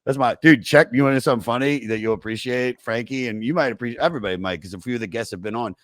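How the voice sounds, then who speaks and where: Male podcast host, casual and jokey, mid-pitched, dry close-mic sound. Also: rapid-fire, no room sound. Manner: loose, joking, brief reactions. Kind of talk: casual chat.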